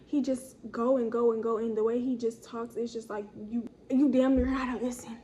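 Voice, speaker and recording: A young woman telling a casual story from her own life, slangy and animated, acting out the people she quotes. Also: a little high, a little fast, a little hiss or hum. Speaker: storytime vlogger.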